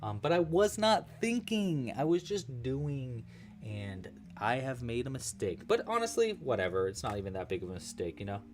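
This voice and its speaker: Casual male livestream host, joking and thinking out loud, very animated melody. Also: mid-range voice, normal speed. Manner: chatty, joking, thinks aloud while working. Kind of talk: casual live crochet-along chat.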